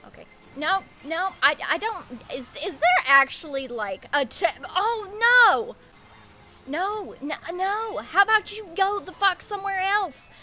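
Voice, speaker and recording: A young woman with a high, bright, sharp voice streams a racing game, swinging widely in pitch as she talks. She swears freely, laughs often and yells at her opponents, with faint music behind her. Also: expressive, moderate pace, hardly any pauses. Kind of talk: live gaming commentary.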